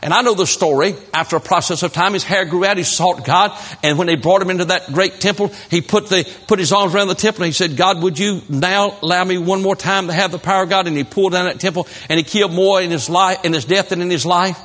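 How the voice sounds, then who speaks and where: A man's voice: high voice, fast, hardly any pauses, fairly bright tone. Emphatic preacher man. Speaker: pastor. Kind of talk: sermon.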